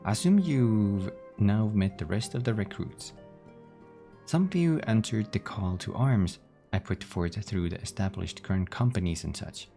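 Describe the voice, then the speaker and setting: Man as a low, gravelly, formal young commander. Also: expressive, a little slow, dark tone, soft background music. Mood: solemn. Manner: formal, archaic phrasing.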